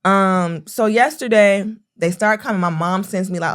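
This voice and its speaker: A young woman co-hosting a podcast in casual chat, telling a story with lively acted-out quotes. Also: mid-range voice, moderate pace, few pauses, clean tone. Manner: animated storytelling, acting out quotes with a raised voice. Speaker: podcast co-host.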